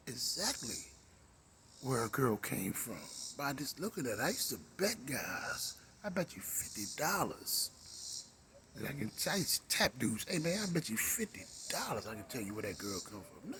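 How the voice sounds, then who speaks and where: Here a show host, a middle-aged Marylander, speaks at medium pitch and normal speed, very animated with a sharp tone. His rambling monologue drawls along, slipping into hums and whispers, over a faint hiss or hum.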